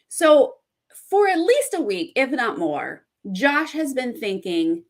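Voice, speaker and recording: A young woman hosts a laid-back reality TV recap, getting excited and reading out comments from viewers. Her voice is a little high and she takes her time.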